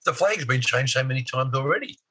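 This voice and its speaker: A man with an Australian accent co-hosting a podcast over a video call, trading gruff, laughing banter full of swearing. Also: medium pitch, animated, fairly quick, bright, forceful tone. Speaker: podcast co-host. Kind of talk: casual podcast chat.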